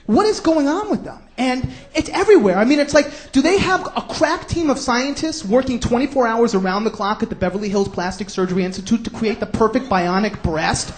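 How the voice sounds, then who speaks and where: Brief: male stand-up comic, New York accent, high-pitched, sarcastic, shouty rants. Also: expressive, a little fast, hardly any pauses. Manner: brash, sarcastic ranting with sudden shouts. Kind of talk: stand-up comedy routine.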